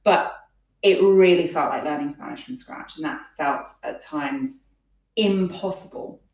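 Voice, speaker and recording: A woman's voice: low voice, a little slow, a little mellow. A woman guest in a casual interview, telling stories in a chatty way with many fillers. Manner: chatty, storytelling, frequent fillers. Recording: echoey room, distant from mic.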